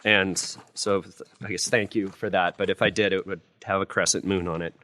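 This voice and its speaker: A man's voice: sits low, fairly even intonation, fairly quick, bright, forceful tone, slight background noise. Joking man on a live law panel. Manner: casual, self-deprecating, joking. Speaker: criminal defense lawyer, guest. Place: law school lecture room with student audience.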